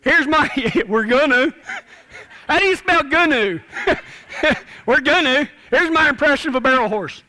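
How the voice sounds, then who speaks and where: High, bright-voiced folksy cowboy preacher man. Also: lively intonation, measured pace, long pauses. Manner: folksy, self-deprecating cowboy humor. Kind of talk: humorous storytelling sermon.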